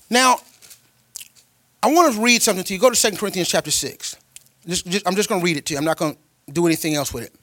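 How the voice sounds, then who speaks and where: Man preaching, high voice, emphatic then hushed, colloquial storytelling, dry close sound. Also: no room sound. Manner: emphatic preaching that swings from loud to quiet and tender. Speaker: pastor. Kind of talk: sermon. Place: church.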